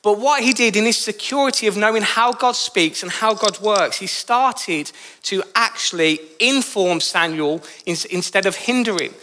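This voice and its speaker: High, bright Brummie preacher. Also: male voice, moderate pace, slight background noise. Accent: Birmingham. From Birmingham, England. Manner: emphatic storytelling with rising pitch on key phrases. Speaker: pastor. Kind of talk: sermon. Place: church.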